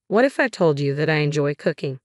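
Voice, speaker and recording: A stern elderly chairman scolds in a firm, reproving voice, as a woman reads him. The voice is low and dry, recorded close with no room sound. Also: very animated, a little fast, no room sound. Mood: probing. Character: stern older male company chairman, grandfather.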